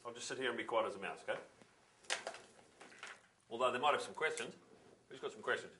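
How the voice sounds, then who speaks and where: An actor with a New Zealand accent playing a blunt, swearing would-be politician who quickly gets indignant. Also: male voice, medium pitch, pushed and bright, a little hiss or hum, close to an everyday voice. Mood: blustering. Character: brash, blustering male would-be politician. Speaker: election candidate. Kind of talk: mockumentary acting.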